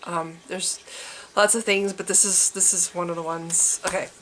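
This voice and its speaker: A woman's voice: fairly low pitch, steady tone, normal speed, fairly bright tone, slight background noise. A woman ranting casually to her camera, wry and sarcastic, acting out little scenes as she talks. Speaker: vlogger.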